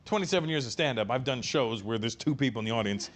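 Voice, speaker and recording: A middle-aged male stand-up comedian telling an animated, profane story on stage and acting out the other people in it. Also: mid-range voice, fast talker.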